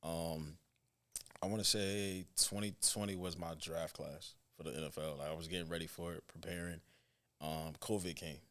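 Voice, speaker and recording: Speaking in a deep voice at a moderate pace, a twenty-something football coach and trainer chats on a podcast as a guest. His storytelling is casual and slang-heavy, turning animated when he does impressions of parents.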